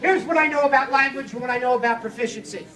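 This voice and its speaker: A man giving a comic, theatrical storytelling keynote on language learning, animated and at times shouting. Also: very high-pitched, quick pace, some chatter behind. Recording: echoey hall audio from a distant mic with audience.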